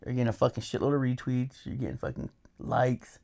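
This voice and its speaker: Middle-aged man, podcast co-host, profane, animated storyteller, mid-pitched voice, clipping mic. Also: brisk, creaky. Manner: profane, animated storytelling with mocking put-on quotes. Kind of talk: casual podcast chat. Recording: peaking, distorted microphone audio.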